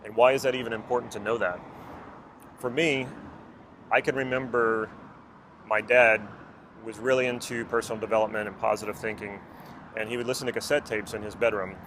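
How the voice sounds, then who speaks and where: A man's voice: on the low side, steady tone, a little fast, pauses often, fairly bright tone. Earnest man talking over traffic noise. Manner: earnest, asks the viewer many questions. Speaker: personal development coach. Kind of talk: reflective talk to camera.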